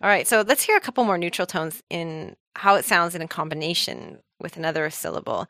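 A woman's voice: lowish voice, lively intonation, brisk, fairly bright tone, dry recording, clean studio sound. A woman hosting a language lesson, explaining with an upbeat manner and laughing easily. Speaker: language teacher host. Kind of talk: scripted podcast lesson with co-host.

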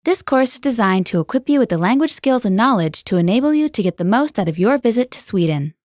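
A woman's voice: a little high, lively intonation, quick pace, a little mellow, no room sound, clean studio sound. A woman reading a scripted, upbeat introduction to a language course as its host. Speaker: podcast host.

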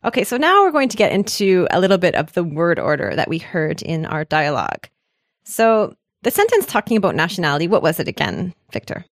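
A woman's voice: on the low side, sing-song, brisk, dry recording, clean studio sound. Canadian woman co-hosting a language lesson. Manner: upbeat, joking, explains patiently.

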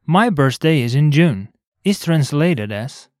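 A man's voice: on the high side, animated, no echo. Man co-hosting a language lesson, dry sound. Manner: clear, measured explaining with spelled-out words.

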